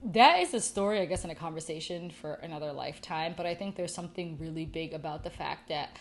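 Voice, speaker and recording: A young woman, hosting a podcast and telling a story in a casual, rambling, animated way. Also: deep voice, quick pace. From United States. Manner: rambling, animated, filler-heavy. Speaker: podcast host.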